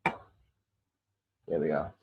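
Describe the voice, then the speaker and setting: A man hosting a casual sneaker livestream who swears, gets easily frustrated and calls his viewers bro and dude, turning loud and insistent when he makes a point. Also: very slow, highs cut off. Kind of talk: casual live-stream chat. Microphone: desk microphone.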